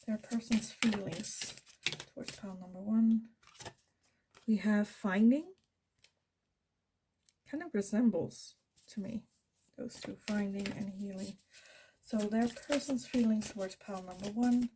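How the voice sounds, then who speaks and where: A woman's voice: mid-range voice, a little slow, pauses often, a little hiss or hum. A woman with a Dutch accent giving a pick-a-card tarot reading, thinking aloud and correcting herself as she goes. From Netherlands. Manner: thinking aloud, self-correcting, soft fillers. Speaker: tarot reader.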